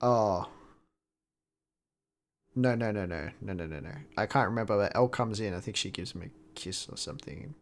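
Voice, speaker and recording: Low-voiced man retelling a film scene. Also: normal speed, long pauses, slight background noise. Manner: retells scenes acting out characters, swears casually. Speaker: podcast co-host. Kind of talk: casual movie review chat.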